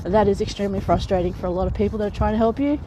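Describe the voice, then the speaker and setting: A woman's voice: mid-range voice, fairly even intonation, racing, warm tone, low-quality recording. Woman vlogger, frank and chatty, straight-talking advice, light laughs, faint noise behind. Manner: chatty, frank, often laughs mid-sentence. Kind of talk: casual advice talk to camera.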